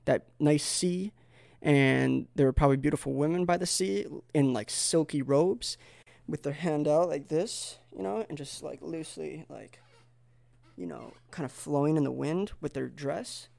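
A man with a somewhat high, gravelly voice rambles to his camera in a comic monologue. He leans on fillers and wanders off on tangents, now and then needling his viewers with sarcastic jabs. The sound is close and dry, with no room around it. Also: a little slow, darkish tone, dry recording. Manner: digressive, filler-heavy, mock-insulting sarcasm. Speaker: vlogger.

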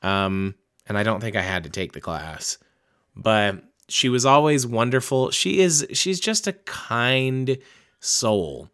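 Young man, bright voice, mid pitch, casual rambling host, swears a lot, self-mocking. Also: lively intonation, takes it slowly. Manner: chatty, profane, self-mocking. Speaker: podcast host reading books aloud.

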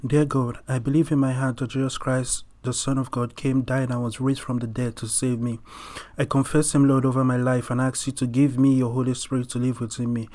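A man hosts a faith-based music review and leads an earnest spoken prayer, calling out "Lord Father" again and again. His voice is dark and mellow. His pitch stays level, with little rise or fall. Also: flat delivery, fairly quick. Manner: earnest, repetitive praying with many "Lord Father" addresses.

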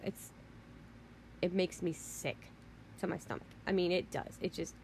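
A woman's voice: fairly low pitch, a little slow, creaky, a little mellow, a little hiss or hum. A woman vlogger delivering a rant, emphatic and rambling, who keeps repeating herself. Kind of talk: ranting monologue.

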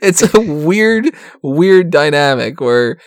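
A man's voice: a little high, expressive, takes it slowly, dry recording, clean studio sound. A man in casual wrestling podcast chat, rambling and profane, laughing often.

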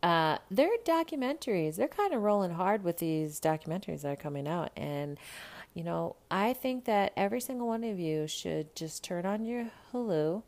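A woman with a low voice hosts a podcast in loose, casual chat. She talks animatedly and swears freely, speaking straight to her listeners. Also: vocal fry. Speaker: podcast host.

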